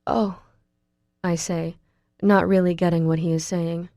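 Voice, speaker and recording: Mellow low-voiced woman narrating. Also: little pitch movement, normal speed, no echo, clean studio sound. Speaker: audiobook narrator. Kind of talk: first-person audiobook narration.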